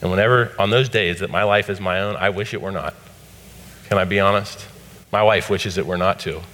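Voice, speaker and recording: A middle-aged man delivers a sermon from the pulpit of a church sanctuary. His voice is bright and forward, easygoing in the asides and lifting with force on the quoted scripture. A long hall reverb trails each phrase. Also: sits low, brisk. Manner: conversational preaching, rising to emphatic scripture quotes. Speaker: pastor.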